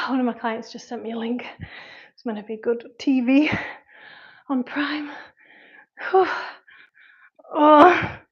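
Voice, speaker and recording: A woman with a Mancunian-Lancashire accent coaches her viewers through a live workout, chatting and sighing as she goes. She sounds winded from the effort, and her voice sits a little high. The stream audio is dull and lo-fi. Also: measured pace, pauses often, husky. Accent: Mancunian-Lancashire English. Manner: chatty, puffing and sighing between sets. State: out of breath from exercise. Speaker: personal trainer and online fitness coach.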